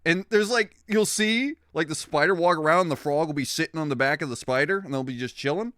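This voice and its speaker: A young man streaming, chatting casually with viewers in a rambling, excitable way, swearing freely. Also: on the high side, a little fast, dry recording, studio quality.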